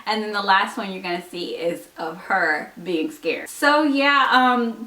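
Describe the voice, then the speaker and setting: A woman's voice: a little high, a bit bright. A young woman telling a story to her vlog camera in a casual, giggly way, full of likes and ums. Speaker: vlogger. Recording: echoey room, mic a bit far.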